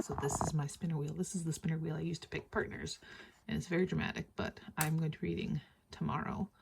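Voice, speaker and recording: Chatty low-voiced woman vlogging at home. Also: very noisy. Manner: chatty, rambling, with fillers. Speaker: teacher and book vlogger. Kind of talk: casual reading vlog.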